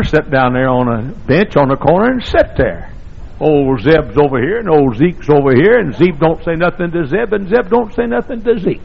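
An older man from the South, a pastor, preaching a sermon, husky and gravelly, and now and then breaking into sudden loud shouts. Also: on the high side. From American South. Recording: dull lo-fi sermon recording.

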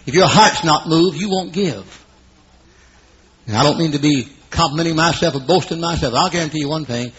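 Man, fifties, preacher, sermon, very raspy voice, dramatic swings from quiet to loud, muffled lo-fi recording. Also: on the high side, fairly quick. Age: 50s. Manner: dramatic, swings between hushed asides and loud exclamations. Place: room at an evening gathering. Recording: dull lo-fi recording.

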